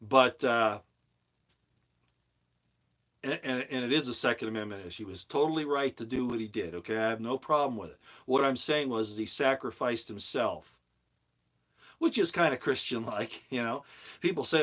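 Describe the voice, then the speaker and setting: A man's voice: mid-range voice, animated, normal speed, pauses often, a bit bright. A middle-aged man hosting his own channel, delivering a heated, preachy monologue that leans on emphatic repetition. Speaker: commentary channel host. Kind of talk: opinionated monologue.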